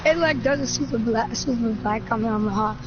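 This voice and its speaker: A high-voiced woman narrates her moves in a roleplay fight, casual and full of fillers. The recording is muffled and lo-fi, with clear noise behind her voice. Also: fairly quick. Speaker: roleplay player. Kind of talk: improvised roleplay storytelling.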